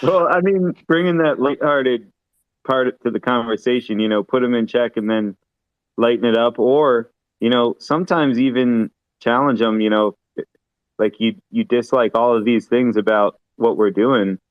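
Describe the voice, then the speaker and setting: A man's voice: mid-range voice, fairly even intonation, normal speed, no echo, dull audio. A man chatting on an online voice call, talking in a rambling, thoughtful way. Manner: rambling, thoughtful, many fillers and restarts. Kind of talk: casual voice chat.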